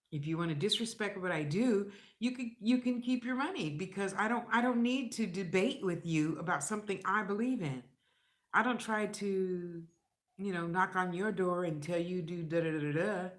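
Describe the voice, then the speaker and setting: In an echoey room, a middle-aged vlogger delivers a casual monologue to camera at a moderate pace in her lowish voice. Her manner is blunt and rambling, full of free cursing and lively impressions of other people's lines.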